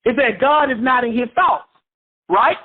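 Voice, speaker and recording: A Bible teacher with an unhurried, mid-range voice runs a call-and-response study, going over points again and putting questions to listeners. It's a phone-line radio call picked up on a phone mic.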